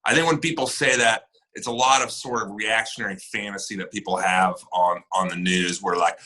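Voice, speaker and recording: A man's voice: lowish voice, fairly quick, hardly any pauses, poor audio. A man from the northern United States, a guest on a podcast, chatting casually and acting out quoted exchanges as he tells stories. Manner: animated storyteller, acts out quoted exchanges. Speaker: podcast guest, military servicemember and actor. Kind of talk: casual chat.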